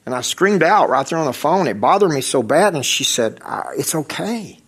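A man preaching with fervor, his husky voice rising into loud calls and sinking to near-whispers. He sounds like a pastor in the middle of a sermon, pressing his listeners hard. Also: a little high, lively intonation, brisk. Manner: impassioned preaching, swinging from loud exhortation to hushed intensity.

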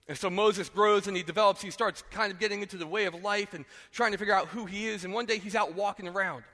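A male pastor preaching to his congregation with a bright, forceful voice that rings with a long hall reverb. He tells the story in an animated way and often checks in with "right?". The pitch sits a little high for a man. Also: fast. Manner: animated, acts out characters, asks "right?". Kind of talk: sermon storytelling. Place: church sanctuary.

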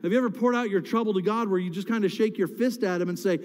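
A man's voice: high-pitched, fast. A man preaching a sermon as pastor, talking conversationally with the congregation and rising to impassioned cries at times. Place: church sanctuary. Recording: reverberant church hall.

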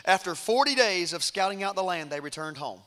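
A male preacher with a high, bright voice tells a story in a sermon. He swings from hushed passages to loud, vivid ones. His delivery stays dramatic throughout. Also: expressive, a little fast.

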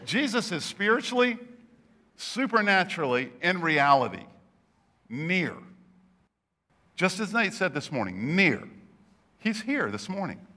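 A man's voice: sits high, sing-song, measured pace, pauses often, bright, forceful tone. A man preaching a sermon, telling stories and stressing points with emphatic rises. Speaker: pastor.

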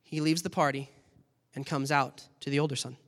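A man preaching a sermon, telling the story in an animated way and acting out its scenes. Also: mid-range voice, a little fast. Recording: long hall reverb.

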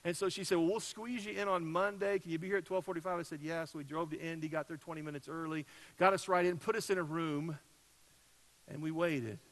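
Pastor man with a higher voice. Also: steady tone, a little fast, rough recording. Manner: conversational storytelling, building to loud peaks then dropping soft. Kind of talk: sermon.

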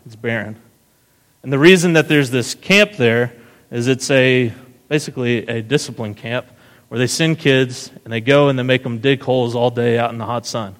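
A man giving a sermon as pastor, retelling a story casually and often asking "right?". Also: medium pitch. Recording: long hall reverb.

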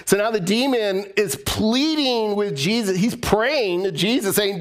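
A male pastor delivering a sermon in an animated storytelling manner. His voice sits a little high for a man and climbs and drops as he tells stories to his congregation. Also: measured pace, hardly any pauses. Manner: animated storytelling, voice rising and falling.

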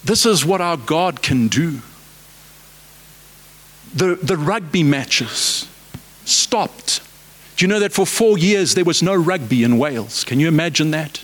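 A man's voice: a little high, expressive, a little slow, fairly bright tone. A man preaching a sermon, fervent and exhorting, with repeated rhetorical questions.

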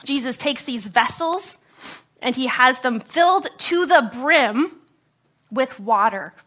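A woman's voice: high voice, expressive, takes it slowly, pushed and bright. A woman pastor preaching a sermon to her congregation, conversational and joking, with a slightly scratchy throat. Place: church service before a congregation.

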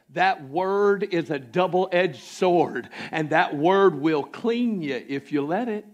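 A man preaching a church sermon, swinging between fervent shouting and sudden near-quiet asides, with a Southern American accent. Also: high voice, expressive, takes it slowly, few pauses. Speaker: pastor. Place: church sanctuary.

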